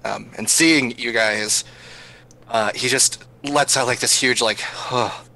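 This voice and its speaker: A man's voice: mid-range voice, fairly even intonation, slow pace, gravelly, sharp tone, rough recording. A man playing a tabletop role-playing game, describing his character's actions hesitantly, with many fillers. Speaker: player. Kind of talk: casual tabletop role-play.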